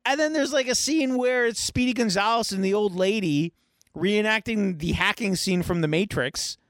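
Podcast co-host, man, high voice, swears freely, animated retelling, dry close mic. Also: normal speed, no echo. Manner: animated, profane storytelling. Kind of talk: casual chat.

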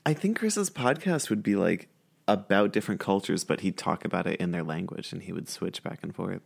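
Gravelly deep man with swooping voice. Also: expressive, fairly quick. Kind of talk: casual chat.

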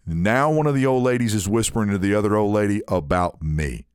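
A man telling a long story in casual chat, animated and full of restarts. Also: lowish voice, a little fast, clear, resonant tone, no room sound, clean studio sound. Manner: animated, frequent restarts, mimics others in story.

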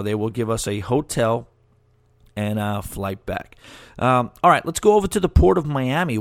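A man's voice: mid-range voice, no room sound. A man hosting a casual solo podcast, rambling, joking and laughing at his own asides. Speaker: podcast host.

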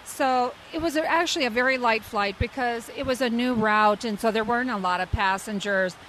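A woman in her fifties, a longtime flight attendant, telling a story in an interview with lively, dramatic delivery. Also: on the high side, fairly quick, slight background noise, rough recording. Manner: lively, dramatic storyteller who acts out quotes.

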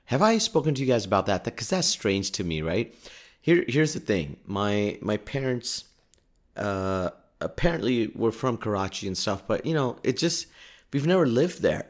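Male podcaster, somewhat low voice, loose storytelling monologue, pokes fun at himself. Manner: chatty, self-deprecating, laughs often. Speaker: podcast host. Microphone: podcast microphone.

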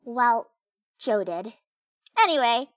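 An eager, cheeky young girl in an audio drama, high and bright, her voice swooping all over the place. She drags her words out slowly and sounds very close and dry. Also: dry recording. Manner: bright and excitable. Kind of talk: full-cast audio drama acting.

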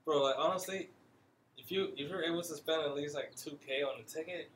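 A man's voice: a little high, fairly quick, a bit bright. A man co-hosting a podcast in casual chat, offhand and slangy, swearing and laughing. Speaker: podcast co-host. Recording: echoey room with faint noise.

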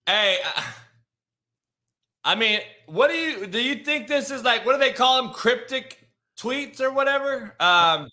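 A man's voice: very high-pitched, animated, unhurried, pushed and bright. A man hosting a casual sports talk show, loose and profane, with lots of restarts. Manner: loose, profane, restarts a lot, says "dog". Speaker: podcast host.

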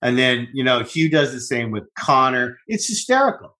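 Middle-aged male co-host, mid-pitched, energetic swearing banter. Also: normal speed. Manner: animated, profane banter. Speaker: podcast co-host. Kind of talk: casual chat.

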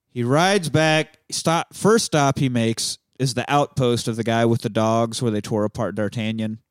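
A man's voice: medium pitch, smooth, dry recording, clean studio sound. A man hosting a podcast, animatedly retelling film scenes in casual, profane chat. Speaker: podcast host.

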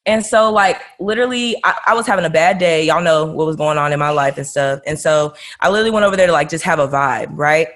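A woman's voice: low voice, quick pace, hardly any pauses, a bit bright. Rambling woman telling a story. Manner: hesitant, rambling, filler-heavy. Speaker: podcast co-host. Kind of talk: casual storytelling chat.

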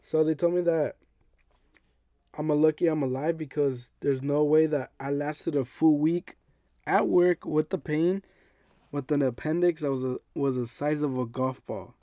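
A young adult man hosting a podcast, telling a personal story in a casual, animated way and acting out what others said. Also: fairly high pitch, a little slow, no room sound, studio quality. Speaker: podcast host.

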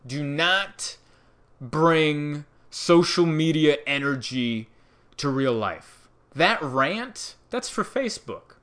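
A man doing a stand-up comedy bit, animated storytelling that acts out the people in it. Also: a little high, slow pace. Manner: animated storytelling, acting out characters.

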